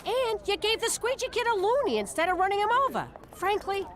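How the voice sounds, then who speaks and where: A woman's voice: extremely high pitch, sing-song, fairly quick, a little hiss or hum. A woman voicing a brash, theatrical mob wife and mother with a New York Italian-American accent in a cartoon.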